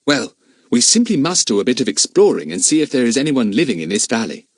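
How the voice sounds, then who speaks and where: A man voicing a cheerful, animal-loving young boy who talks in a brisk, chummy way. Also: mid-range voice, very animated, no room sound, clean studio sound, voice pushed up. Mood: practical.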